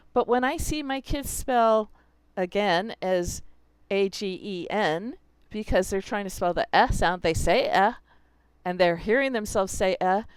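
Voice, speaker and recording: Woman, teacher, instructional video, smooth clear voice, dry close sound, talks through examples. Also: mid-range voice, no room sound. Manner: explains by walking through student examples aloud.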